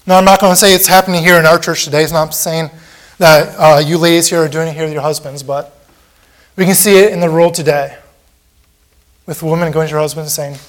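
A man's voice: a little high, fairly even intonation, fairly quick. A man preaching a sermon in a church, impassioned and repetitive, acting out the mocking voices of a crowd.

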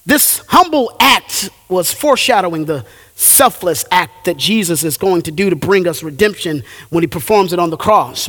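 A male pastor preaching a sermon, with animated delivery and drawn-out emphatic phrases. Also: high voice, in a large hall.

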